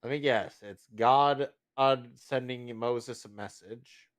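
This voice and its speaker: A man riffing on a film as host, tossing out sarcastic, mock-exasperated jokes in a casual, chatty way. His voice sits at an ordinary middle pitch. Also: slow. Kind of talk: casual movie riffing commentary.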